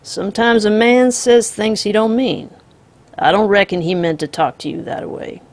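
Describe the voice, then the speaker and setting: Woman doing a calm, drawling outlaw. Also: medium pitch, pitched above the performer's own voice, lightly acted. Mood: calm menace. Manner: slow, drawling, politely menacing. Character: soft-spoken, menacing male outlaw, calm and polite.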